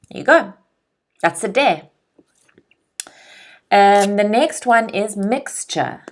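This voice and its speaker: A woman teaching English vocabulary at an unhurried pace with a mid-range voice. She repeats words slowly for learners to say along with her and keeps checking in with a quick "okay?". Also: mid-range voice, lively intonation. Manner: slow, clear pronunciation drills with frequent check-ins. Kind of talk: vocabulary lesson.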